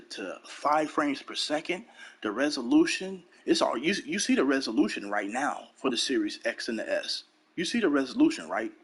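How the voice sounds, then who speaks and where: A gaming channel host rants heatedly and profanely, repeating lines to hammer home his points. His husky, slightly rough voice is a bit bright and sits at an ordinary middle pitch for a man.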